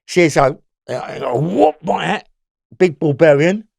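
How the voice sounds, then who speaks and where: An older man from England with a London accent, an interview guest, bluntly recounts old prison stories, rambling and swearing freely. His voice is fairly high, expressive and slow, with vocal fry and a darkish tone, recorded in studio quality with no room sound.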